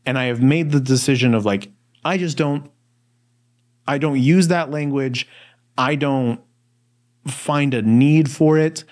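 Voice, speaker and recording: A man's voice: medium pitch, measured pace, long pauses. A man co-hosting a Bible study podcast, talking in a casual, rambling way with lots of fillers. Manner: relaxed, rambling storyteller with many fillers. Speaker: podcast co-host.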